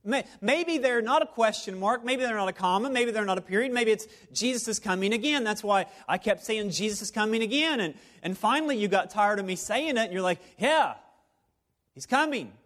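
A man with a high voice preaching a sermon to his congregation. He talks in a playful, conversational way and keeps circling back to the same phrases. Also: fairly quick, few pauses, fairly bright tone. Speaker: pastor. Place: church service before a live congregation.

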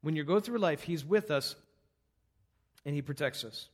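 High-voiced male pastor preaching. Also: normal speed. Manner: earnest, conversational preaching with numbered points. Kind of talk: sermon.

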